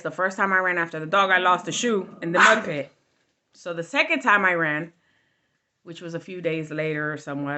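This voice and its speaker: A woman's voice: on the low side, sharp tone. A middle-aged woman telling a candid storytime vlog in a blunt, casual way with plenty of swearing. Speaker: vlogger.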